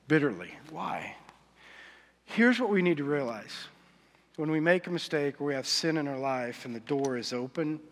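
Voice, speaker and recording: Casting note: slightly high-voiced male pastor, chatty and confessional sermon, long hall reverb. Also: fairly bright tone. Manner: conversational, confessional, asks the audience often.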